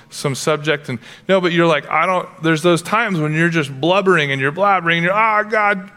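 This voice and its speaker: A young adult man preaching as pastor, telling stories with lively acted-out voices. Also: on the high side. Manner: animated storytelling, acts out voices in anecdotes. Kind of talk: sermon. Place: church. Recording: long reverb of a church hall.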